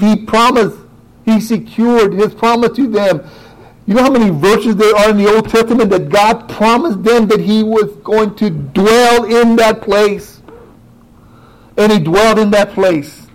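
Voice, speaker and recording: A man preaching a sermon who talks directly to his congregation, moving from quiet asides to rising, emphatic exclamations. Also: high voice, a little slow, poor audio.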